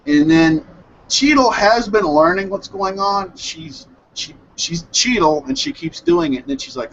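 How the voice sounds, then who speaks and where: A man hosting an online hangout, excitedly recapping an anime episode in a rambling, self-correcting way over a headset mic on a video call. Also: high voice, unhurried, lo-fi sound, a little hiss or hum. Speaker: hangout host reviewing anime. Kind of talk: casual group hangout chat.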